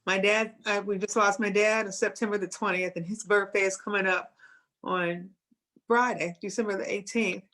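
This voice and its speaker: A woman on a talk show speaking in a halting, emotional way, repeating herself. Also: medium pitch, fairly even intonation, fairly bright tone. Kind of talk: casual talk show conversation.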